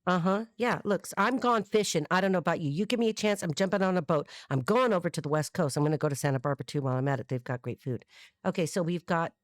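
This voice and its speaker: Woman, middle-aged, tarot reader, free-associating monologue, wisecracking, fairly low pitch, dry close sound. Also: fast, no echo. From United States. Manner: rambling, free-associating, with sung snippets and put-on voices; profane, wisecracking asides. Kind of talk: freestyle tarot reading monologue.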